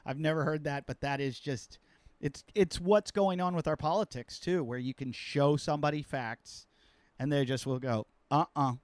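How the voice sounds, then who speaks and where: A man's voice: a little high, moderate pace, no echo. A man hosting a podcast as a comedian, telling rambling, self-mocking stories in casual chat.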